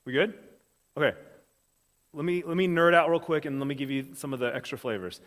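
A man's voice: on the high side, a bit bright. A man preaching a sermon, casual and conversational, checking in often with his congregation. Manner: casual, talks straight to the congregation with quick check-ins. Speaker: pastor. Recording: long hall reverb.

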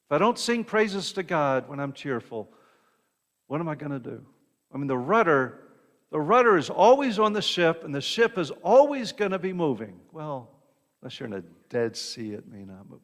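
A man preaching a sermon in a conversational way, often checking in with the congregation and repeating words as he goes. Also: on the high side. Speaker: pastor. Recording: long reverb of a hall.

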